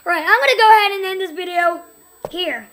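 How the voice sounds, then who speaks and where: A woman's voice: extremely high pitch, brisk, fairly bright tone. A young woman hosting a gaming channel, giving jumpy horror let's play commentary, shrieking and laughing at scares.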